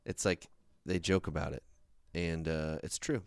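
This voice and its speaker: A man's voice: extremely low pitch, fairly even intonation, measured pace, vocal fry, clean tone, no room sound, studio quality. A man hosting a podcast, chatting casually and repeating words as he thinks aloud. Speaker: podcast host. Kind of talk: casual chat.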